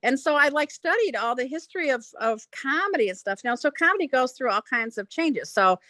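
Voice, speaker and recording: A woman's voice: high voice, a little fast, no echo. A middle-aged woman from Chicago, a stand-up comedian, rambling through casual podcast chat with many restarts. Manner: rambling, restarts, animated quoting.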